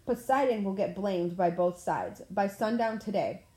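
A woman's voice: mid-range voice, moderate pace, a little mellow. A woman reading a novel aloud in plain storytelling style, with the odd stumble over words. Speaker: audiobook reader. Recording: roomy echo.

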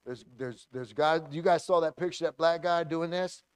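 Lively preacher telling a story in a dry room. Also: male voice, fairly high pitch, normal speed, smooth, no room sound. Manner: animated storytelling with many restarts and acted quotes. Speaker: pastor. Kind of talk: sermon storytelling.

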